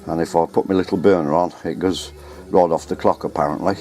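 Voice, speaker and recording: A radio hobbyist vlogger with a deep, dark voice speaks fairly quickly and with fairly even intonation. Outdoors at home, on ladders and in the garden, he chats and rambles to a handheld camera, correcting himself as he goes. The recording uses the handheld camera mic.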